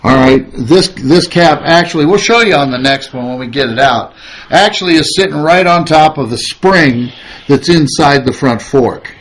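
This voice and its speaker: A man's voice: fairly high pitch, normal speed, fairly bright tone, rough recording. A man working as a mechanic, explaining motorcycle parts in a casual, matter-of-fact way.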